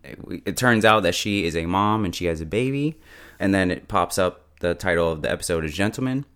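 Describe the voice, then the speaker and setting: Chatty man with a low, smooth voice. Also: animated, brisk, a bit bright. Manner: chatty, laughs often, quips. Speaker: show reviewer. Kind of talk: casual episode recap.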